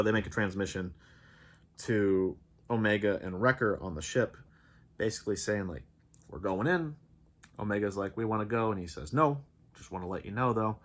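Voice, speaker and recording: Guy with a lowish voice rambling through a show recap, gets hyped about it. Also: a bit bright. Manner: enthusiastic, rambling recap with fillers. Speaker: reviewer. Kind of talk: casual spoiler review.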